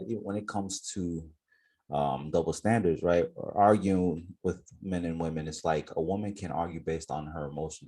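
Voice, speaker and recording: A man's voice: sits low, mellow, breathy edge. A man co-hosting a casual podcast, explaining his views at length in a reflective way, with many fillers. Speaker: podcast co-host.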